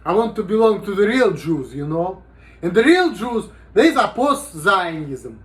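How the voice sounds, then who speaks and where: A man's voice: sits high, sing-song, a little slow, a bit bright. A man talking casually in a rambling, profane vlog monologue, with "you know" in almost every sentence. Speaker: vlogger.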